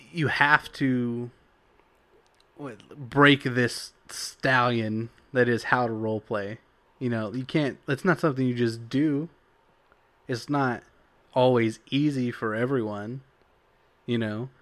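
In a loose conversation about tabletop role-playing, this young co-host rambles with frequent fillers such as "like" and "you know." His voice is mid-range with a fairly bright tone.

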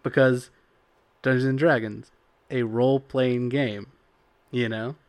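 A man's voice: medium pitch, fairly even intonation, takes it slowly, dry recording. Opinionated man, dry close sound. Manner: opinionated, talks in long runs. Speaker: tabletop role-playing player. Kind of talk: casual podcast chat.

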